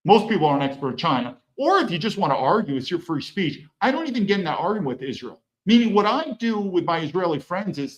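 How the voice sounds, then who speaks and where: A man's voice: high-pitched, big pitch swings, fast, few pauses, low-quality recording. A middle-aged man and military veteran giving an opinionated political monologue, emphatic, with rhetorical questions and repeated words. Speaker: political commentator.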